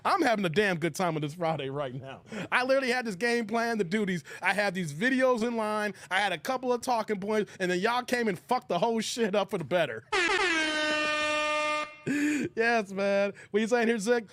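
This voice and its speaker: Young male live-streamer, slangy and laughing, high animated voice, dry room. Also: moderate pace, dry recording. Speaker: live stream host reacting to chat. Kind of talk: casual live stream chat.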